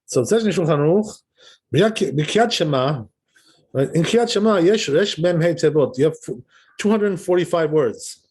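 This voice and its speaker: Guy rabbi teaching a text class, voice a bit on the high side, laid back, keeps asking right?. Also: a little mellow. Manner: casual and explanatory, often checks in with "right?". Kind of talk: text study lesson, reading and translating.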